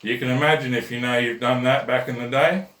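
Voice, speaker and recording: A man's voice: medium pitch, steady tone, fairly quick, fairly bright tone. A blunt man hosts a comic rant and tells a crude joke in a loose, chatty way. His voice sits in the middle range, and it comes from a distance in an echoey room. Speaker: host. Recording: roomy echo, mic at a distance.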